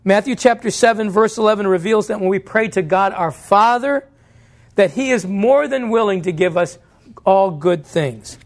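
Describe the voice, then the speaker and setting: A pastor preaching a sermon in church, earnest and direct, posing questions to the congregation and answering them himself. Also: male voice, sits high, moderate pace.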